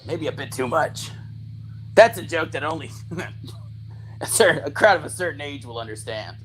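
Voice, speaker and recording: Joking co-host dude, lively bouncy voice, a little high, faint guitar behind. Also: male voice. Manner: playful, quick to jump into bits. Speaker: comedy co-host. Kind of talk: banter and riffing.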